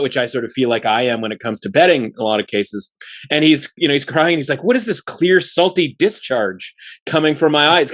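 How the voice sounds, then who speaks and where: A man's voice: medium pitch, a bit bright. Rambling male podcast co-host. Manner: rambling, heavy on fillers like "you know" and "like". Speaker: sports betting podcast co-host. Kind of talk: casual podcast chat.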